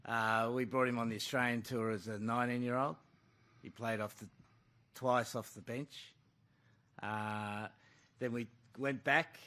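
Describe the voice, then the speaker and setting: Blunt rugby coach at a press conference. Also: male voice, mid-range voice, fairly even intonation, unhurried, pushed and bright. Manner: blunt, calls the questioner mate.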